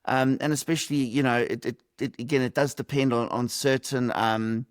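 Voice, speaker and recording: A man's voice: medium pitch, fairly even intonation, normal speed, dry recording, studio quality. Reflective man on a call. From South Africa. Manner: reflective, lightly humorous, many fillers. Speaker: podcast guest. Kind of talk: conversational interview answers. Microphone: video call.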